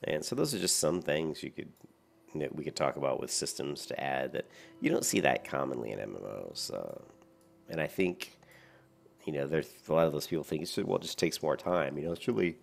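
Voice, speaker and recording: A man's voice: extremely low pitch, animated, brisk, gravelly. A very tired man rambling through casual gameplay commentary, with lots of fillers and restarts. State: very tired, yawning.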